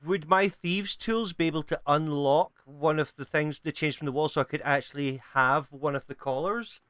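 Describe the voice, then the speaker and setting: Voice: medium pitch, fairly even intonation, moderate pace, fairly bright tone, no echo. A player in a tabletop game, speaking hesitantly and stumbling over words. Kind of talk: casual game chat.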